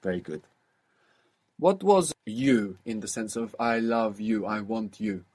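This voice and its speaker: A man's voice: mid-range voice, big pitch swings, a little slow, gravelly, darkish tone, slightly rough. A man teaching a language lesson, patiently prompting and explaining.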